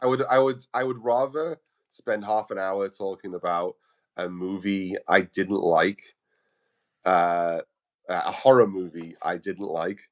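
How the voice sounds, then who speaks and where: A man speaking as a guest on a podcast in casual chat, relaxed and chuckling, often restarting his sentences. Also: sits low. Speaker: guest artist.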